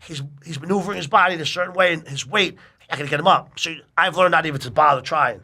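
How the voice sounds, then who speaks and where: A middle-aged man telling a long personal story in casual chat, animated and full of swearing. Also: fairly high pitch, quick pace.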